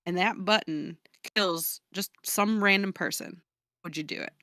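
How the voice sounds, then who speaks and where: A woman co-host with a bright, sharp tone at a middle pitch, reading out questions with playful giggles. Her voice is dry and close to the mic. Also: unhurried, no room sound. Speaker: podcast co-host. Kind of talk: casual podcast chat.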